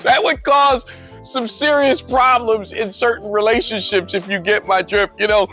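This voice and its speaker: A middle-aged man telling joking stories in a casual monologue, animated, laughing often and repeating words. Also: high voice, moderate pace, faint music behind. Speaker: motorcycle vlogger.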